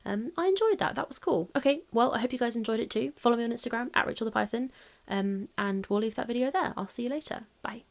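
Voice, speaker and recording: A woman's voice: on the high side, expressive, quick pace, creaky. A woman vlogger giving snarky, chatty commentary on a video clip. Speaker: video creator. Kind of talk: casual vlog commentary.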